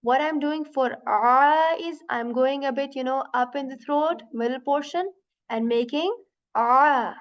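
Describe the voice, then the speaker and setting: A woman teaching an online beginners' lesson on letter sounds, patient and repetitive, often checking in with "right?" and demonstrating sounds slowly. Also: high-pitched, muffled recording. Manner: patient, repeats sounds slowly, many "you know" and "right?". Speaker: Quran teacher.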